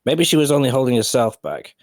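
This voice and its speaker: A man narrating a fan story in a live reading, steady and measured. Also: mid-range voice, no echo.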